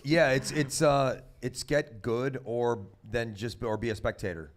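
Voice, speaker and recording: A man chatting casually on a podcast, animated and joking. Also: mid-range voice, unhurried. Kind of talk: casual chat.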